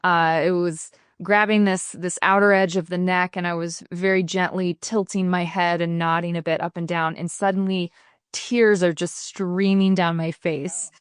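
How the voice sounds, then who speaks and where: In a casual interview on a podcast, a woman with a fairly low, smooth voice talks at normal speed about her bodywork practice. She explains earnestly and livens up when acting out people she quotes; the studio sound is clean with no room sound.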